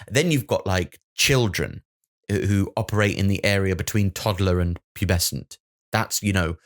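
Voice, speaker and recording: A man hosting his own podcast, rambling through a sweary, self-mocking comic monologue. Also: deep voice. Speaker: comedian podcast host.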